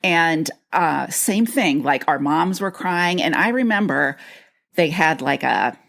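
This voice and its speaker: A woman's voice: deep voice, animated, slow, gravelly, fairly bright tone. An older woman co-hosting a podcast, recalling a memory in reflective casual chat. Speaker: podcast co-host.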